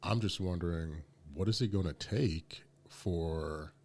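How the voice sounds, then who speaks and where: A man's voice: low-pitched, a little slow, a little mellow. A man co-hosting a podcast, talking casually and emphatically with many fillers. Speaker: podcast co-host.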